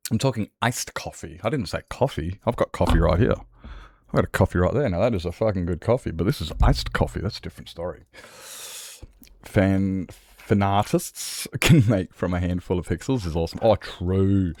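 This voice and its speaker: A man's voice: low-pitched, moderate pace, darkish tone, no echo, clean studio sound. An Australian man chatting casually and swearing freely with his viewers as a livestreamer, rambling from one thought to the next.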